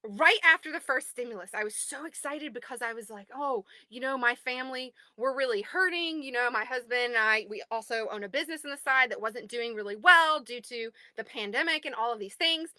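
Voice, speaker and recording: Woman, 30s, group owner, chatty and excitable livestream host, dry close sound. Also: a little high, a little fast, few pauses, dry recording. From United States. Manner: excitable, chatty, greets viewers by name. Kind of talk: casual livestream chat. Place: home.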